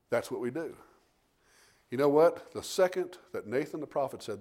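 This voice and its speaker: A man preaching a sermon in a folksy storytelling way, calling out for amens and swinging between loud emphasis and hushed tones. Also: medium pitch, expressive, moderate pace. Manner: folksy storytelling, calls out "Amen?".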